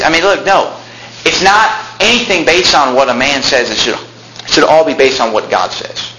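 A young man in his twenties preaching a sermon as a pastor, excited and emphatic, often yelling. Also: on the high side, moderate pace, reverberant, slight background noise, poor audio. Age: 20s.

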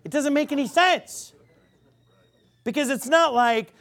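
A man's voice: very high voice, sing-song, moderate pace, a bit bright. A man preaching a sermon, emphatic, quizzing the crowd with rhetorical questions.

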